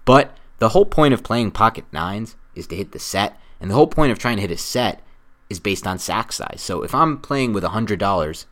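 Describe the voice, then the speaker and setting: A man's voice: fairly low pitch, expressive, a little fast, a bit bright. A man with a nasal voice co-hosting a sports podcast, chatting casually and explaining at length with teasing laughs. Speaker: podcast co-host.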